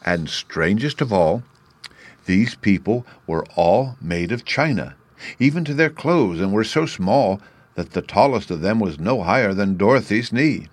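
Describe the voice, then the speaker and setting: A man narrating a classic storybook chapter in a measured, even way. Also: fairly low pitch, no room sound. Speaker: audiobook narrator.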